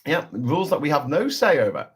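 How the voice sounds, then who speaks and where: A man's voice: on the high side, big pitch swings, fairly quick. A man hosting a casual political livestream, talking in a sarcastic, sweary, rambling way.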